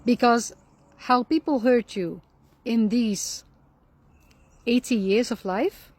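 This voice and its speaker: A woman with a fairly high voice gives reflective spiritual advice to her listeners. She speaks calmly and earnestly, often repeating a key phrase to drive the point home. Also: slow, no echo. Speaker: Islamic lifestyle speaker.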